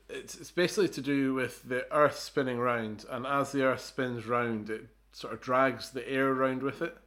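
A man's voice: medium pitch, fairly even intonation, measured pace, a bit bright. A man co-hosting a podcast, explaining things in a casual, hesitant way with many fillers and restarts. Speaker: podcast co-host. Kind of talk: casual chat.

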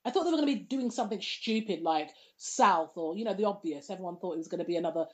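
A woman chatting casually as a podcast co-host, animated, sassy and outspoken. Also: on the low side, quick pace. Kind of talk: casual chat.

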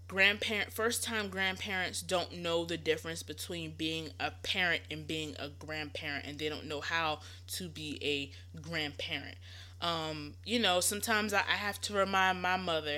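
A woman's voice: on the low side, sharp tone. A young woman, hosting a podcast and giving casual, reassuring parenting advice with lots of fillers. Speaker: podcast host.

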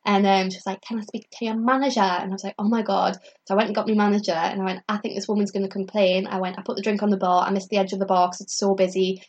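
A young woman spins a story in relaxed conversation. Her speech is loose and chatty, packed with "like" fillers, and she slips into the voices of the people she quotes. Her pitch sits in the middle of the range for a woman. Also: racing, hardly any pauses, highs cut off. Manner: laughs often mid-story. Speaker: comedian guest telling stories. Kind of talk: casual chat, storytelling.

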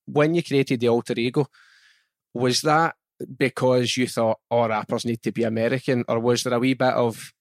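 A man hosts a relaxed interview and asks long, meandering questions with a friendly informality. His voice sits at an ordinary middle pitch. It is recorded dry and close, with no room sound. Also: moderate pace, dry recording. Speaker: podcast host. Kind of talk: conversational interviewing.

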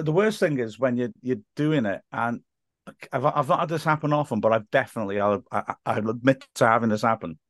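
A man who works as a football commentator, telling stories as a podcast guest in lively, laugh-filled casual chat. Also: mid-range voice, dry recording, clean studio sound. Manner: animated storyteller, laughs often, acts out quotes.

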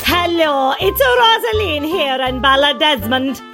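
A shrill gossiping countrywoman. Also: lively intonation, measured pace, music in the background. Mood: gossipy. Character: giddy gossiping countrywoman from north Cork. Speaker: caller.

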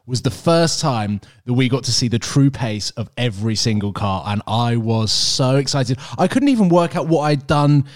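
A man's voice: medium pitch, expressive, normal speed, hardly any pauses. A man co-hosting a podcast, teasing his co-host playfully in casual chat.

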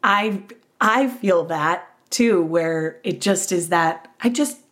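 A woman hosting a podcast over a video call, enthusiastic and quick to agree with her guest. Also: on the low side, a bit bright. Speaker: podcast host. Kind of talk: casual interview chat.

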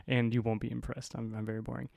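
A man's voice: medium pitch, creaky, a little mellow, no room sound. A man hosting his own podcast, telling a story in a wry, rambling way with plenty of cursing and fillers. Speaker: podcast host. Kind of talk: casual storytelling monologue.

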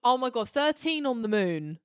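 A woman's voice: on the high side, normal speed, clean tone, dry recording. Chatty woman podcast co-host, dry sound. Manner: animated, swears, acts out characters' lines. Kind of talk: casual chat.

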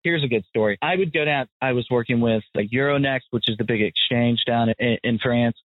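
Casting: American man, casual podcast talk, blunt animated storyteller, dry thin phone-like sound. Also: medium pitch, fairly quick, no echo. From United States. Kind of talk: casual chat. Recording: tinny phone-like audio, dry.

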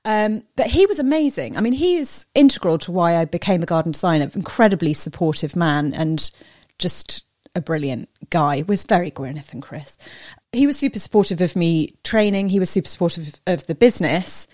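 A woman's voice: lowish voice, animated, fairly quick, hardly any pauses, darkish tone, no room sound, studio quality. A woman in her forties co-hosting a podcast, chatting candidly about family and her garden design business. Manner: candid, chatty, calls people pal. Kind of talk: casual chat.

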